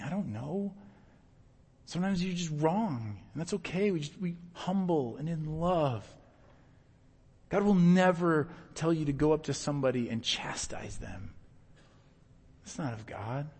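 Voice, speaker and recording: Husky guy preaching to his church, earnest storytelling, voice rings out in a big echoey hall. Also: a little high. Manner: earnest, animated storytelling with bursts of loud emphasis. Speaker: pastor. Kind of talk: sermon with personal stories. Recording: long hall reverb.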